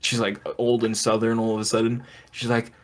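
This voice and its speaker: A man co-hosts a loose comedy podcast and retells a show scene by scene. He laughs often and keeps breaking into put-on voices for the characters. His pitch and tone stay in an ordinary middle range. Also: completely flat delivery, fairly quick. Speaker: podcast co-host. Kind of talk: casual comedic chat.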